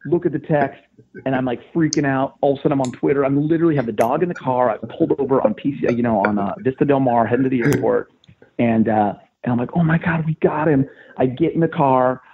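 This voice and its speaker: A man, a sports radio host, retelling a story in casual podcast talk, getting animated and loud as he goes. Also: fast talker, a little hiss or hum. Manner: excited, animated retelling with rising pitch. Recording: tinny phone line.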